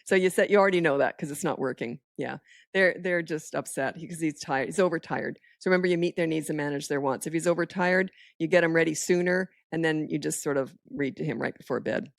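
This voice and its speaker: A woman's voice: sits low, fairly quick, creaky, no room sound, studio quality. A woman talking as a parenting expert in a casual podcast chat, firm, direct and matter-of-fact.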